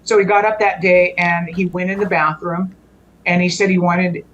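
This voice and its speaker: Halting woman recounting a family story. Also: fairly low pitch, steady tone, fairly bright tone, lo-fi sound, slight background noise. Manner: halting, with frequent restarts and trailing phrases. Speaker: guest telling a personal story. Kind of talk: conversational storytelling.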